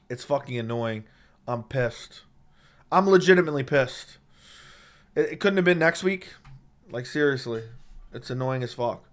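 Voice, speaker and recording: Into a studio dynamic mic, a man with a sore throat chats casually on a live stream, reading comments and cursing bluntly as he trash-talks viewers. His mid-range voice is expressive and a bit bright, moving at normal speed but with long pauses.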